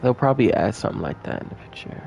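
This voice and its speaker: Gravelly young man chatting over gameplay. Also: mid-range voice, lively intonation, rapid-fire, a little mellow, a little hiss or hum. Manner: chatty, playful, talks to viewers. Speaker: gameplay streamer. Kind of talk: casual gameplay commentary.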